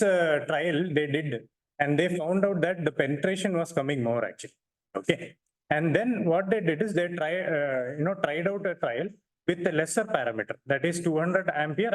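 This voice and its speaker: A man presenting a technical lecture in a hall to an audience, talking haltingly with many fillers. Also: a little high. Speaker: workshop presenter.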